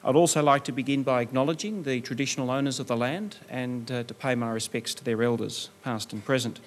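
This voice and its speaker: A middle-aged man with an Australian accent delivering a formal public lecture in a measured, articulate manner. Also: mid-range voice, fairly even intonation. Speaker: guest lecturer.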